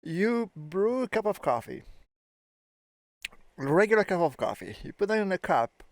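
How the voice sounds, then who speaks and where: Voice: medium pitch, very animated, a little slow, no room sound. A host in a casual chat, speaking in an opinionated, emphatic way.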